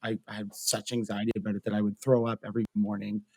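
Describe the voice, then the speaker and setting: A man's voice: on the low side, level tone, fast, a little mellow, husky, no room sound. Young canadian guy telling his story on a tv interview, earnest, lots of like and you know, dry sound. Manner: earnest, talkative, many fillers and restarts. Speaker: guest, mental health advocate.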